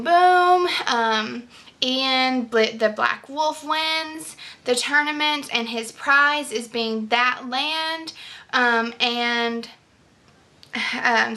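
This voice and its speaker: A woman's voice: fairly high pitch, bright, forceful tone. A young woman vlogging casual, enthusiastic book reviews, chatty with many fillers and restarts.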